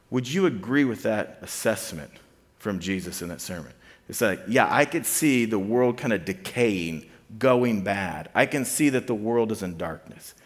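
Casual preacher man in a reverberant hall. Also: fairly low pitch. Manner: casual, repeats key points for emphasis, many fillers. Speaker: preacher to a student ministry. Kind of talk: conversational sermon.

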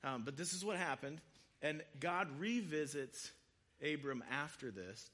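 A man giving a sermon, retelling scripture stories in a casual, conversational way with quick voiced asides. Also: a little high, lively intonation, sharp tone. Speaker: preacher.

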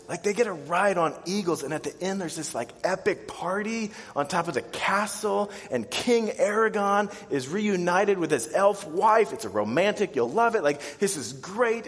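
With a long reverb tail behind him, a thirtysomething pastor delivers an animated, story-driven sermon. He voices frightened, panicky characters, his pitch and volume jumping sharply.

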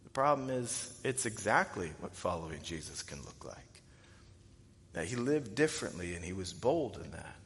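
A man preaching a sermon as pastor, animated and jumping into loud, high-pitched bursts when acting out quotes. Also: normal speed, in a large hall, a little hiss or hum.

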